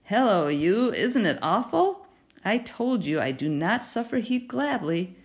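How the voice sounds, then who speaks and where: A woman's voice: medium pitch, big pitch swings, a little slow, pitched above the performer's own voice. A woman voicing a chatty, bustling neighbor lady who reads tarot. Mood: gushing. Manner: bustling, gushing, theatrical.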